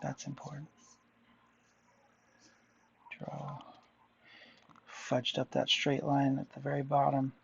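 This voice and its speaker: Gravelly guy rambling to himself while sketching, a bit muffled, faint hum behind. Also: medium pitch, monotone, measured pace. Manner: rambling, musing, often talks to himself. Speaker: artist vlogger. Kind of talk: casual drawing chat.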